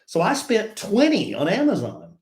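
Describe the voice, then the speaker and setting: A middle-aged man co-hosting a podcast, chatting casually and telling stories in a laid-back, animated way. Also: high voice, moderate pace. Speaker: podcast co-host. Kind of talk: casual chat. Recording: roomy echo.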